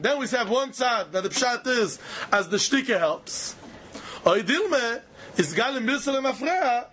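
High, lively man teaching Talmud. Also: slight background noise. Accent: Yiddish-inflected English. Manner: sing-song study chant, rhetorical questions. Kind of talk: animated Talmud lecture.

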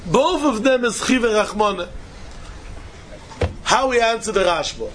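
High-voiced man teaching Talmud. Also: animated, measured pace, fairly bright tone, slight background noise. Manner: questioning, repeats key points to press them. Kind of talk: Talmud study lecture.

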